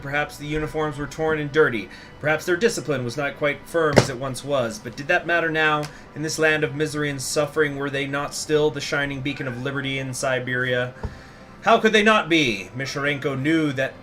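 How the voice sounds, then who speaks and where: A man in a mid-range voice rambles casually through a strategy game, joking with viewers and reading event text aloud. Soft music plays underneath his talk. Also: mid-range voice, flat delivery, fairly quick. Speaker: gaming channel host.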